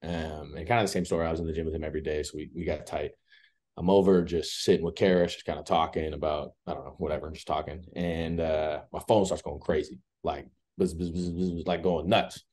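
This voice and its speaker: Low mellow-voiced young man. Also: brisk. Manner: relaxed, rambling, full of filler words. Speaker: interview guest. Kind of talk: casual storytelling.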